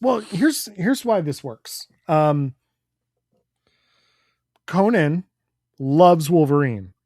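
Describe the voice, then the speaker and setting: A man's voice: on the high side, animated, extremely slow, darkish tone, dry recording, studio quality. A man co-hosting a comics podcast, recapping the plot in an easygoing way with fillers. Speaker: podcast co-host. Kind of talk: casual comics chat.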